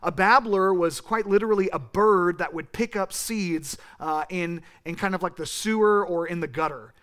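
High-voiced animated young man preaching. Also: moderate pace. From California. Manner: animated, rambling teaching with asides to the congregation. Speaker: pastor. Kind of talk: sermon.

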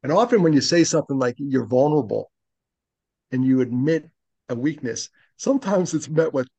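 Man, late fifties, gravelly voice, dry close sound, earnest, reflective, conversational. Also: medium pitch, animated, moderate pace, mellow, no echo. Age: 50s. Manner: earnest and reflective, speaks openly about loss. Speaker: podcast guest. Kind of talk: conversational interview.

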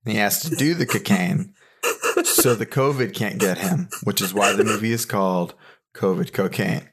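A man with a somewhat low voice hosts a comedy podcast. He asks dry, quizzical questions and recaps the joke with deadpan timing in casual banter. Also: normal speed, slightly rough. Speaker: podcast host.

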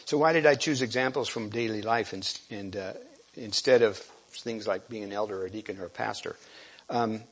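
A man giving a sermon, halting and restarting often and clearing his throat. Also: lowish voice, a little hiss or hum. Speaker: preacher.

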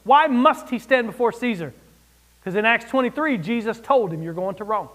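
A man preaching a sermon, expressive, rising and dropping for emphasis, with wry asides. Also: extremely high pitch, normal speed. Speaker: pastor.

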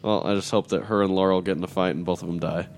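A man's voice: sits low, steady tone, fast, gravelly, a little mellow. A man co-hosting a casual chat, blunt and grumbling, swearing often. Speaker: podcast co-host.

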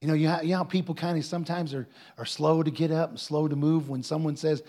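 A male pastor preaches in answer to a question. His voice sits a little high for a man. He tells stories earnestly and rises to emphatic peaks. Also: quick pace, few pauses, darkish tone.

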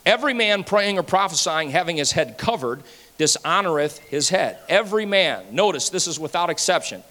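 A pastor preaching a sermon, animated and playful, swinging between loud passages and hushed asides. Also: male voice, on the high side, fairly quick. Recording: hall reverb.

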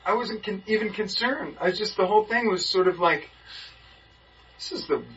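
A man's voice: sits high, fairly quick. A man in a Bible study group telling a story with energy, acting out the voices of the people in it. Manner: lively, acts out the people in his story. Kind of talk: animated storytelling in a group discussion. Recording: muffled, from a distance, faint background hiss.

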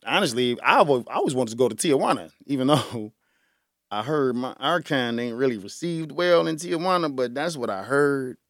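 A man's voice: mid-range voice, no echo, studio quality. A middle-aged man hosting a podcast, chatting casually and joking, with frequent laughs. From Chicago area. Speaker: podcast host. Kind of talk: casual solo chat.

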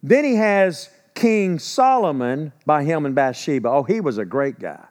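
A man's voice: a little high, big pitch swings, measured pace, darkish tone. A man preaching a sermon in a conversational, emphatic way. He asks rhetorical questions and acts out quoted speech in a casual voice. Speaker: pastor.

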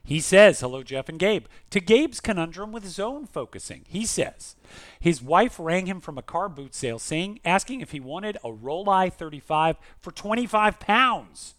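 A man's voice: high voice, very animated, normal speed, fairly bright tone. A man co-hosting a podcast in casual chat, reading out listener emails in an enthusiastic, jokey way. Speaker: podcast co-host.

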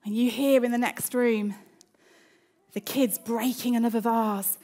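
A woman's voice: on the high side, fairly even intonation, unhurried, warm tone. A woman preaching a sermon in church, emphatic, repeating her phrases and calling for an amen.

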